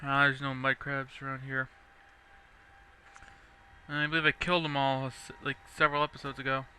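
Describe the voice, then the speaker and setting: A young man casually rambling through gameplay commentary, chatty and quick to laugh. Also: mid-range voice, flat delivery, sharp tone, a little hiss or hum. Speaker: let's play host.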